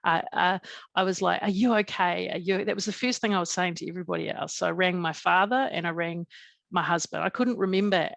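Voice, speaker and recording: Calm woman with a gravelly voice. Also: lowish voice, brisk, no echo. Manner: calm, matter-of-fact, many soft fillers. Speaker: podcast guest. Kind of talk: personal storytelling.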